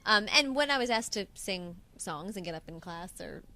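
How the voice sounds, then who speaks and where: A woman's voice: medium pitch, expressive, moderate pace, pushed and bright. A young woman with a New York accent, a singer and impressionist chatting as an interview guest, laughing and self-deprecating, a bit jet-lagged. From United States. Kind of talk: casual interview chat.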